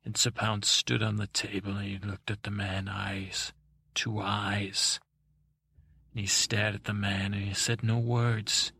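Gravelly man telling a bedtime story. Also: on the low side, level tone, a little slow, bright, forceful tone, dry recording. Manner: meandering, with self-corrections and asides. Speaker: podcast host and storyteller. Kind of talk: improvised bedtime story narration.

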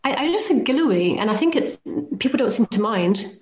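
A woman's voice: fairly high pitch, expressive, brisk, a little mellow. A woman in a podcast interview, spinning self-deprecating stories and acting out what others said. Her voice sits in the middle of the range, but the audio comes through roomy and a little dull, like a remote call. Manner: chatty, self-deprecating, acts out quoted lines. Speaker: guest author and volcano climber. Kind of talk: anecdotal storytelling in a podcast interview.

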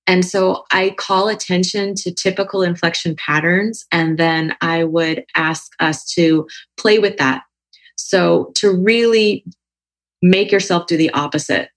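Woman, yoga teacher, lowish voice, reflective, long winding sentences. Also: measured pace. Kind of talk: conversational podcast talk.

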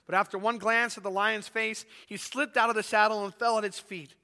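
A male pastor preaching a sermon and reading a story aloud in a dramatic, animated way. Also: high voice, fairly quick, in a large hall.

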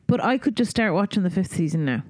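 Quick, lively Irish woman. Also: medium pitch, no echo. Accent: Irish, Donegal. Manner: quick, reactive interjections. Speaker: podcast co-host. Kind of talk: casual chat.

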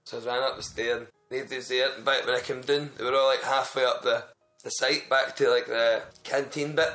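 A man's voice: mid-range voice, fairly even intonation, fairly quick, sharp tone. A man telling a long, rambling, sweary workplace story in casual podcast chat. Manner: sweary, rambling anecdote with frequent restarts. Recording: roomy echo.

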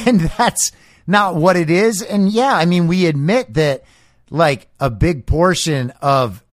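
A man's voice: a little high, a bit bright, no echo, clean studio sound. A man hosting a political commentary show, reading news quotes and mocking them sarcastically. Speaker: podcast host.

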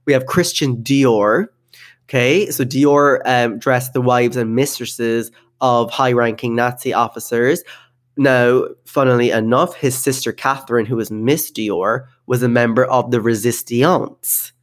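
A man's voice: mid-range voice, steady tone, unhurried. Chatty male podcast co-host. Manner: chatty, laughs often, many fillers. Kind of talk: casual podcast chat.

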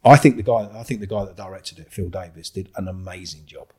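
A man's voice: low-pitched, fast, husky. A man with a London accent, a guest on a podcast, telling a story with acted-out dialogue and frequent swearing. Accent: London English. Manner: animated storyteller, acts out dialogue, swears freely.

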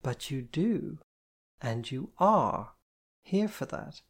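A reader voicing Jen, a stern, teasing woman disciplinarian who talks in a brisk, bossy, mockingly patient way. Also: medium pitch, sing-song, breathy edge, heavily acted. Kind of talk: audiobook character voice.

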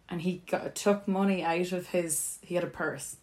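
A young woman co-hosting a podcast, telling bubbly, quick stories in casual chat. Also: lowish voice, steady tone. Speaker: podcast co-host.

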